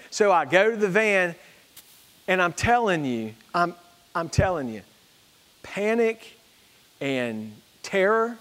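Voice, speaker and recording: Earnest high-voiced pastor preaching. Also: male voice, lively intonation, unhurried, long pauses, fairly bright tone, big-room sound. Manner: earnest, storytelling, with prayerful repetition. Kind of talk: sermon.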